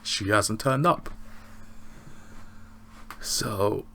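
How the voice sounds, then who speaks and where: A man giving a casual, rambling recap of a TV episode, excitable and often laughing. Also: lowish voice, drawn-out words, vocal fry, a little hiss or hum. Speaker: TV show reviewer.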